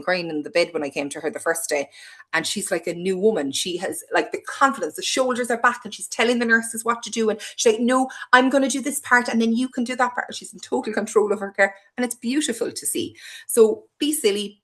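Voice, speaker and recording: Cork lady rattling through a parent webinar, fast and lively, lowish voice. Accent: Cork Irish. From Cork, Ireland. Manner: fast, passionate and playful. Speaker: hospital play presenter.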